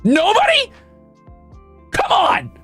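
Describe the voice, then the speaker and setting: A man streaming, ranting indignantly and profanely, often breaking into shouts. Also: very high voice, wildly swooping pitch, takes it slowly, soft background music. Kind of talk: casual stream rant.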